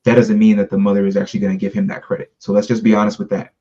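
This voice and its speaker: A man's voice: on the low side, level tone, rapid-fire, dark tone, muffled recording. A man in casual podcast conversation, talking earnestly in long, run-on explanations. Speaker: podcast co-host.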